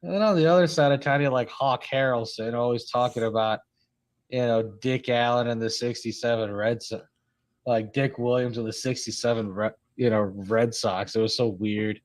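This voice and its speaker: A man hosts a casual podcast and keeps up a joking back-and-forth with his co-host. His voice sits at a middle pitch. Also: fairly even intonation, normal speed. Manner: laughing, joking banter.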